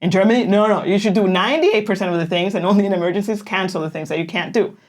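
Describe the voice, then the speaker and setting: A co-host with a mid-range voice talks rapid-fire in a casual chat. She speaks freely and chattily, laughing often and saying "like" and other fillers a lot.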